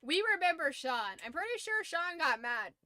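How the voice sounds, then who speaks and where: Woman streamer, blunt casual chatter with a hoarse throat; pitched a bit high, bright tone. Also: big pitch swings, normal speed, dry recording. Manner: blunt, swears freely, laughs often.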